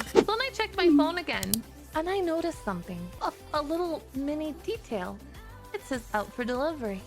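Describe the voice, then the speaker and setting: A woman streamer telling a frustrating story in a casual, animated rant, acting out both sides of the conversation with exasperation. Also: high-pitched.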